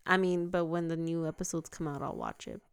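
A woman co-hosting a podcast in casual chat, teasing and laughing often with quick retorts. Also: low-pitched, wildly swooping pitch, gravelly, clean tone. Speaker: podcast co-host.

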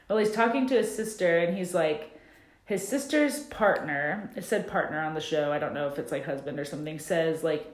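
A woman's voice: on the low side, animated, brisk. A woman co-hosting a podcast, chatting and laughing as she recaps a TV show, with lots of "like" fillers, recorded without a proper mic. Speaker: podcast co-host. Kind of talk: casual chat recapping a TV show. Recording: echoey room, no proper mic.

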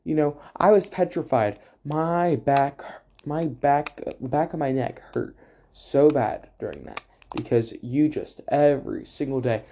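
A man's voice: fairly high pitch, a little slow, dark tone. A teenage boy giving a rambling, joking tribute to a friend, full of fillers and asides. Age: teens. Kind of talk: casual spoken tribute to a friend.

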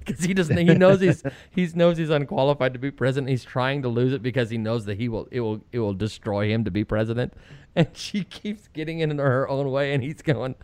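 A middle-aged man hosts an opinionated political talk show at a medium pitch. He retells stories with sarcasm and mocks the people he quotes. His voice sounds dry and close, with no room echo. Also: a little fast, clear, resonant tone. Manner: sarcastic, lively storytelling with mocking quoted voices. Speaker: radio talk show host.

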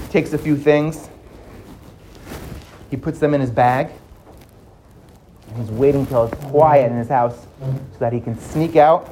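Brief: expressive storyteller, animated narration that sinks to a hush in tense moments. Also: mid-range voice, a little slow, pauses often, slight background noise. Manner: lively, drops to hushed for suspense. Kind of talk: dramatic storytelling.

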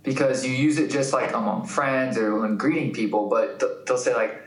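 A man co-hosting a casual chat about language, telling stories and thinking aloud in a relaxed way. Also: mid-range voice, normal speed, reverberant, poor audio. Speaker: podcast co-host.

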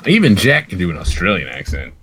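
Low-voiced, stammering young man. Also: wildly swooping pitch, fast talker, a bit bright, a little hiss or hum. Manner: stammering, teasing, swears freely. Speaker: podcast co-host. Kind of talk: casual chat.

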